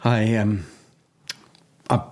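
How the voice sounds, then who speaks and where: Fairly low-voiced guy, player in a horror tabletop game, stammers and repeats himself. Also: fairly even intonation, drawn-out words, a little mellow. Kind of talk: in-character tabletop role-play.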